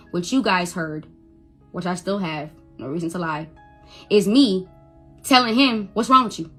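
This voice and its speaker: A woman's voice: on the low side, a bit bright. A mother in a heated rant defending herself, agitated and repetitive, stumbling over restarts. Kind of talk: heated live-video rant.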